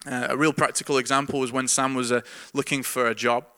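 A pastor delivering a conversational sermon, his voice bright and ringing at a middle pitch. He preaches earnestly but informally, stumbling over repeated words and chuckling between thoughts. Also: level tone, fast talker, clean tone.

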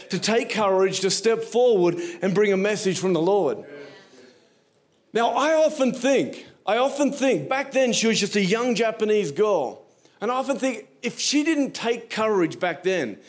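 Animated preacher, high voice. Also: male voice. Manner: animated storyteller acting out quoted voices. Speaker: guest preacher. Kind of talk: storytelling sermon.

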